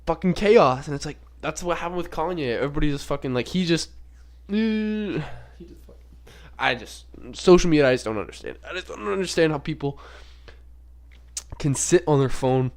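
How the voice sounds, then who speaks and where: A young man hosting a podcast, talking casually in a rambling, profane way with many filler words. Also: on the high side. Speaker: podcast host. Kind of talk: casual unscripted monologue.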